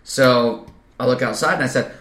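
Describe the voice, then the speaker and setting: A bright, forceful male voice. He co-hosts a casual podcast, swearing freely and launching into loud, comic rants. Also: medium pitch, moderate pace. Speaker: podcast co-host. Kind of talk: casual chat.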